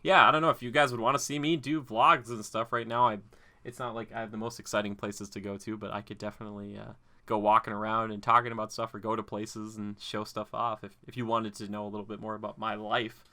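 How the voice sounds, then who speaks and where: Man, podcast host, casual rambling chat, low-ish pitch, bright tone. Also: level tone, fast talker. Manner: rambling, filler-heavy talk.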